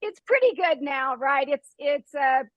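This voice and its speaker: A high-pitched woman hosts a group conversation and tells a story with animated energy, often laughing and acting out the noises. Her voice sounds dry and close, with no room echo. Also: a little slow, lo-fi sound. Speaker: host.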